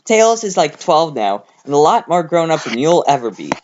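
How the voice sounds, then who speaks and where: A man voicing a furious female hedgehog who yells at her mate in outrage. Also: fairly high pitch, very animated, normal speed, a little hiss or hum, pitched above the performer's own voice. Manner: yelling, outraged. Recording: slightly dull home recording.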